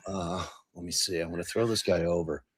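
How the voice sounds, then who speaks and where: A man's voice: deep voice, steady tone, brisk, breathy edge, dry recording, clean studio sound. Self-mocking middle-aged man, casual swearing. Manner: self-mocking, swears freely, fumbles with tech. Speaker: podcast host. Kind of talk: casual live-stream chat.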